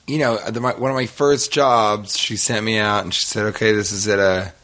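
A man's voice: fairly low pitch, fairly even intonation, moderate pace, pushed and bright. A man co-hosting a podcast, telling a long story in a rambling, profane, self-mocking way. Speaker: podcast co-host. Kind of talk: casual storytelling chat.

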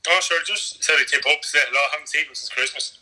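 A man's voice: fairly high pitch, sharp tone, rough recording. A young man with an Irish accent from Kildare, a guest joking along in casual banter with a friend. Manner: quick, joking, laughs along.

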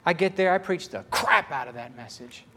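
Male preacher, high voice, very animated delivery, tells stories and acts out the dialogue. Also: normal speed, slight background noise. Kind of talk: storytelling sermon.

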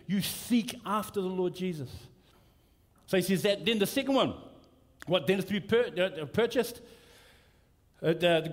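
A middle-aged male pastor preaching in a loose, conversational way, drifting into personal anecdotes and restarting his sentences. His voice sits a touch high for a man. Long church-hall reverb trails behind every phrase. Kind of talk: sermon.

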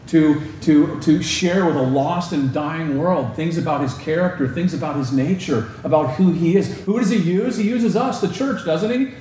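A man preaching a sermon as pastor, asking the congregation rhetorical questions and moving between emphatic raised lines and slow, low stresses. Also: a little mellow. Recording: very echoey hall, faint background noise.

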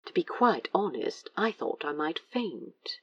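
A woman voicing a prim, breathy, fussy man talking on the phone in an audio drama. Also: fairly low pitch, very animated, slow pace, fairly bright tone, recorded from a distance, dull audio, full character voice. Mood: fond.

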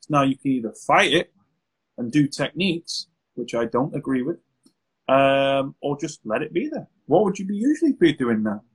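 A man, an anxiety therapist, answering interview questions in a lively, conversational way and acting out exchanges with clients. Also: mid-range voice, moderate pace, slightly rough, poor audio. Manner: animated, acts out client exchanges.

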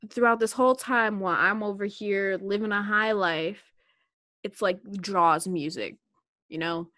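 A young woman co-hosting a casual chat, telling a story in an animated, joking way. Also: mid-range voice, unhurried, no room sound, studio quality.

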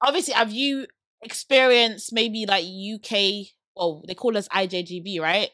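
A woman's voice: mid-range voice, moderate pace, dry recording. A young woman in her twenties with a London accent, hosting a podcast and telling stories in casual chat. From United Kingdom. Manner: chatty, animated storytelling with laughs. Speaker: podcast host.

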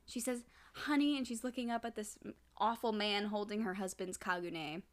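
A woman chatting on a podcast, her mid-pitched voice rising and falling a lot as she replays scenes with dramatic flair. She laughs often and teases her co-host. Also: normal speed. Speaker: podcast co-host recapping an anime. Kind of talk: casual chat.

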